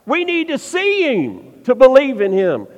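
A man preaching a sermon, asking the listeners pointed questions and slowing down to stress his points. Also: very high-pitched, wildly swooping pitch. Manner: preaching with rhetorical questions and slowed emphasis. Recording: dull sound with long reverb.

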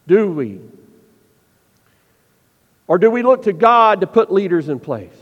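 A man preaching a sermon, asking the listeners pointed questions and slowing down to stress his points. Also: high voice, big pitch swings. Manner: preaching with rhetorical questions and slowed emphasis. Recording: dull sound with long reverb.

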